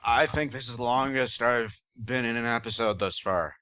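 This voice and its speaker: A man's voice: medium pitch, normal speed, pushed and bright, smooth, no echo. A man joining a casual podcast chat, talking loosely and swearing a lot. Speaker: podcast participant.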